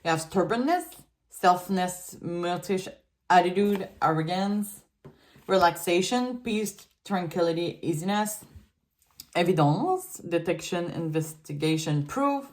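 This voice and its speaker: Chatty woman, lowish voice. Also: lively intonation, measured pace. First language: French. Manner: chatty and giggly, loose filler-heavy talk. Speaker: tarot reader. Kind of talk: casual tarot reading.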